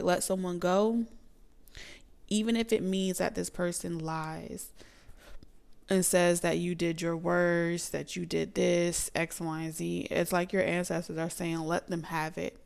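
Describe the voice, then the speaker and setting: A young woman chats through a tarot reading in a low, gravelly voice. Her tone is smooth and clear. She turns emotive and drops into soft asides. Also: flat delivery, measured pace. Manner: chatty and emotive, drawls and slips into soft asides. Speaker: tarot reader and psychic medium.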